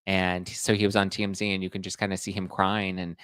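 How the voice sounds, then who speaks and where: A man's voice: sits low, flat delivery, fast talker, fairly bright tone, clean tone, dry recording. A man giving casual celebrity gossip commentary, retelling stories in a chatty way. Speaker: pop culture commentator.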